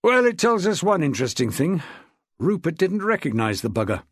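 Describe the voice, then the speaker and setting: A man voicing a gruff, blunt middle-aged police detective in an audiobook. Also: a little high, very animated, fairly quick, dry recording. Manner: blunt, dry, growling. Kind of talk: audiobook character voice.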